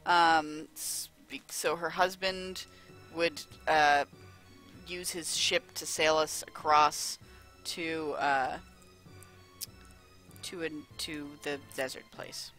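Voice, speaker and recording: A woman's voice: sits low, fairly even intonation, slow pace, pauses often, a bit bright. A woman streamer giving casual, rambling gameplay commentary, full of fillers and asides, on a close desk mic. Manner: chatty, rambling, with lots of fillers. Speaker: let's play streamer. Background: faint game music.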